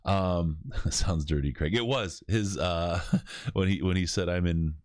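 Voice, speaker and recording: A man's voice: deep voice, measured pace, no echo, clean studio sound. A man hosting a late-night charity podcast, reading out live comments, joking and laughing often, tired. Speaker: podcast host.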